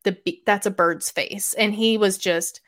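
A woman chatting as a podcast guest, telling stories in an animated way with sudden jumps in loudness. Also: mid-range voice. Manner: animated storyteller, quick shifts in loudness. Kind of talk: casual chat.

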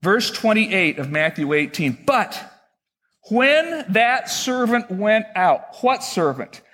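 A man's voice: high-pitched, very animated, slow, fairly bright tone, long reverb tail. A pastor in his sixties preaching a sermon in a conversational way, asking his listeners questions.

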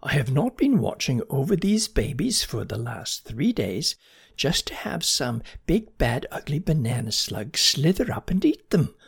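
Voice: mid-range voice, very animated, measured pace, creaky, breathy edge, heavily acted. A storyteller voicing a stern, suspicious female snail in a children's story. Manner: suspicious, scolding. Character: stern fussy female purple-banded snail.

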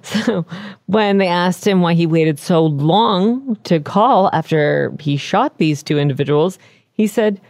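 A woman's voice: fairly low pitch, takes it slowly, darkish tone, no room sound. A woman co-hosting a casual true-crime podcast chat, laughing often as she tells the story. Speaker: podcast co-host.

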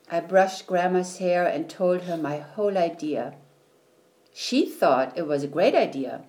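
Slow, gentle woman reading a storybook. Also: on the low side, animated. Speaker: reader. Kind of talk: storybook read-aloud.

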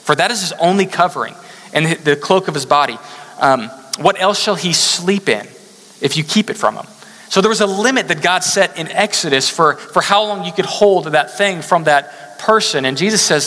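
A man preaches in a loose, conversational way, slipping into casual asides and story-telling. His voice is bright and forceful. The sound carries a long, reverberant hall tail. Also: fairly high pitch, expressive, normal speed. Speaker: pastor. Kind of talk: sermon.

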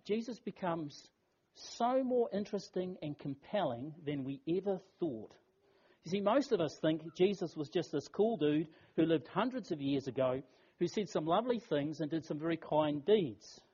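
A man preaches a funeral sermon with a slightly high yet mellow, husky voice. He tells the story earnestly and leans on rhetorical questions. The recording sounds dull and lo-fi. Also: animated, measured pace. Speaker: pastor.

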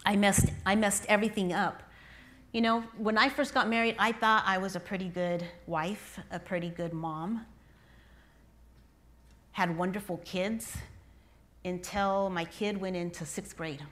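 Speaking to moms, this pastor's wife, a middle-aged woman, has a mid-range, fairly bright voice with a steady tone and measured pace. Her sermon is conversational, built around a personal story and questions put to the audience.

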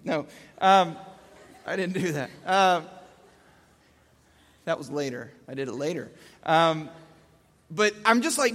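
A man in his thirties telling a comic story about his young son, animated and jumping between voices. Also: high-pitched, a little slow, pauses often. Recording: echoey hall.

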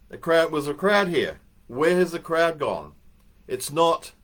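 A man's voice: medium pitch, a bit bright. An older man giving a casual motivational morning talk, telling anecdotes and musing aloud with fillers as he goes.

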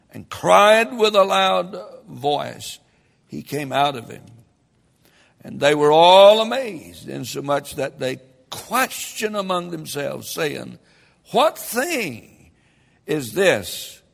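Slow, gravelly, emphatic male preacher. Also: high-pitched, sing-song. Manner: emphatic, building to loud preaching peaks. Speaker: pastor. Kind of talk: sermon. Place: church sanctuary. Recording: long hall reverb.

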